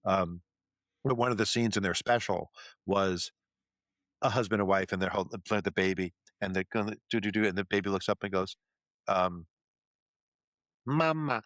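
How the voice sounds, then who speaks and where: A man's voice: deep voice, no echo. A man, chatting casually as a podcast co-host and telling stories with lots of restarts and laughs. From Brooklyn, New York. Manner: animated storyteller, quick to laugh, lots of restarts. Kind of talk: casual chat.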